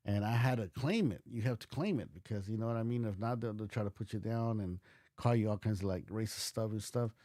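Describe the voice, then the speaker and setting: A man's voice: fairly low pitch, brisk, mellow, no room sound, studio quality. A man hosting a livestream, reacting in a casual, rambling way with lots of restarts and fillers, and swearing now and then. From United States. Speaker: livestream host.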